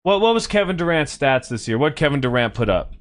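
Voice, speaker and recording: A man's voice: fairly high pitch, big pitch swings, quick pace. Heated young man ranting about sports. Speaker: podcast host. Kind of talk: casual sports talk.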